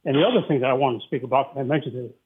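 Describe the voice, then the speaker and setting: A man's voice: medium pitch, very fast, noisy background. A man from upstate New York calling into a radio show, out of breath and rambling with many fillers as he gets worked up. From Saratoga Springs, New York. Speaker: caller. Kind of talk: phone-in call to talk radio. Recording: tinny phone line.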